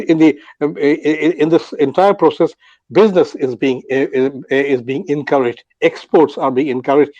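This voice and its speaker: A man's voice: medium pitch, warm tone, no echo, dull audio. An older man from Bangladesh speaking as a panel guest, talking off the cuff with many fillers and restarts. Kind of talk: unscripted commentary on an online audio panel.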